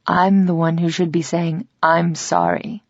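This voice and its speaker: A woman narrator voicing a caring older motherly woman who speaks softly, slowly and a little raspily, in a slightly dull, dry audiobook recording. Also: fairly low pitch, flat delivery, no room sound. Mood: tender. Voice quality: small, slightly raspy voice. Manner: soft, slow, consoling. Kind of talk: audiobook character reading.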